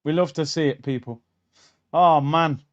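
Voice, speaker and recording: A young man hosting a live football watchalong, reacting bluntly and excitedly to the match. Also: a little high, a little slow, muffled recording.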